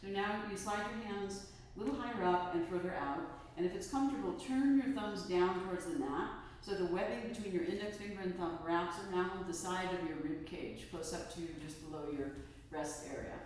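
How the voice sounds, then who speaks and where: A woman teaching a live yoga class, guiding students calmly through breathing and correcting them by name. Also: on the low side, brisk, slight background noise. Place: yoga studio class, also streamed. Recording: roomy echo from far off, music.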